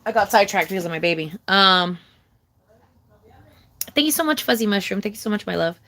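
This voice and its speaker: Ranting casually to camera, a young woman vlogger curses a lot and rambles, her pitch and volume swinging widely. She sounds expressive and talks a little fast.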